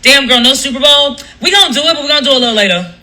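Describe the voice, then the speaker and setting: A woman's voice: sits high, animated, rapid-fire, pushed and bright, poor audio. A woman talks straight to her viewers on a casual livestream, fed up and emphatic. She swears freely and keeps circling back and restarting her sentences. It should sound loose and spoken on the spot, not scripted. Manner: profane, emphatic storytelling with many restarts. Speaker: radio host and live streamer.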